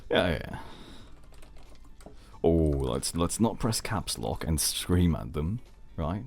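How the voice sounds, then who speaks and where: A man's voice: a bass voice, big pitch swings, takes it slowly, creaky, darkish tone, soft background music. A man chatting casually on a live stream, rambling and playful, joking with his chat and dropping in foreign phrases.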